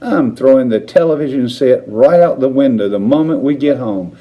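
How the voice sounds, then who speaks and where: A man voicing a blustering, irritable father who shouts in exasperation in a storybook reading. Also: mid-range voice, moderate pace, dull audio, natural voice. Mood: exasperated.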